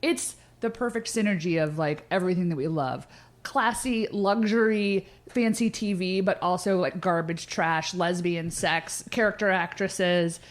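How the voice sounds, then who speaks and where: A woman co-hosting a podcast, chatting casually with quick, jokey asides. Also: lowish voice. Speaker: podcast co-host. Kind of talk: casual chat.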